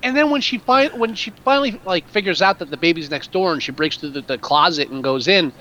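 Man, podcast co-host, casual film chat, high voice, very lively pitch, rambling. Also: brisk, dull audio. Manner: animated, rambling with many restarts.

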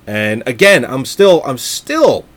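A man's voice: mid-range voice, very animated, slow pace. A man in casual, profane chat, rambling as he retells a film scene by scene.

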